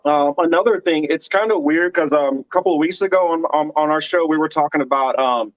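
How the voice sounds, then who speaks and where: Give me an American man hosting an online talk show, slightly high pitched, rambling with fillers, over a muffled dry line. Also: brisk, dry recording. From United States. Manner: rambling, many fillers and restarts. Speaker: podcast host. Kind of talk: casual online panel chat.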